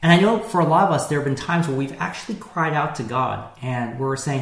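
A man preaching a sermon in a relaxed, conversational way, with frequent fillers and restarts. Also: a little high, brisk, creaky, echoey room. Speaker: pastor.

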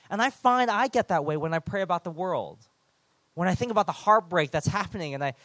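A man's voice: high voice, fairly bright tone, dry recording. A man preaching an earnest, conversational sermon with self-deprecating asides.

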